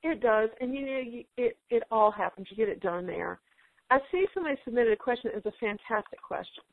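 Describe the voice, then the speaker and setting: A middle-aged woman speaks in a slightly high, gravelly voice, giving a reassuring Christian talk to homeschooling mothers. She quotes scripture in a steady, encouraging tone. Her voice comes through a tinny, phone-like line with a dry sound. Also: fast talker, dry recording. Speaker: guest speaker.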